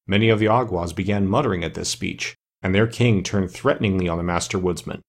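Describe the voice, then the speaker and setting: A man narrating a storybook aloud in a measured, even way. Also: low voice. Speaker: audiobook narrator.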